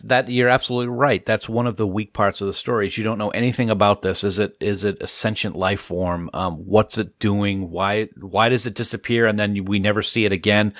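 A man's voice: on the low side, fairly bright tone, no echo, studio quality. A man co-hosting a podcast, chatting casually and jokingly about a sci-fi episode. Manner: playful, jokey, makes silly sound effects. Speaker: podcast co-host. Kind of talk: casual chat and read sponsor ad.

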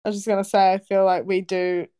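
A woman's voice: mid-range voice, flat delivery, fast talker, dark tone, clear, resonant tone. Friendly New Zealand woman. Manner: friendly, laughs easily. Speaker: podcast guest. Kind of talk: casual chat.

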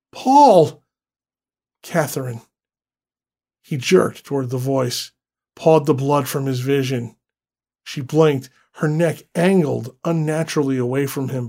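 A man giving a scripted horror story narration in a slow, deliberate, dramatic way. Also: medium pitch, a little mellow.

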